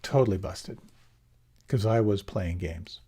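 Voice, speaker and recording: A middle-aged man giving a gentle, unhurried meditation talk, often restarting his phrases as he teaches. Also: on the low side, breathy edge. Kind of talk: dharma talk.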